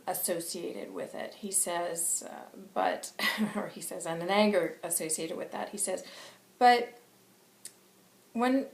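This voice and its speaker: Woman intuitive reader, slow and halting, soft-spoken, roomy echo around her. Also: lowish voice, gravelly. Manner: relays her spirit guide's words in a halting, soft-spoken way. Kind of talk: channeled spiritual reading.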